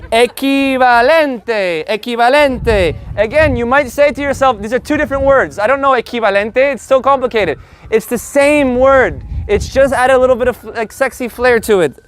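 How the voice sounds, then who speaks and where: A man teaching a live online Spanish lesson, joking and animated, slowly repeating words for his learners. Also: very high-pitched.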